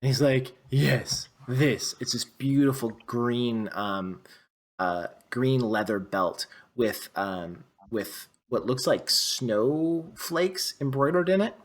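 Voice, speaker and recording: A male game master narrating a tabletop game. He rambles and restarts often while he describes the scene, at an ordinary mid pitch. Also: lively intonation, takes it slowly. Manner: rambling, with many fillers and restarts.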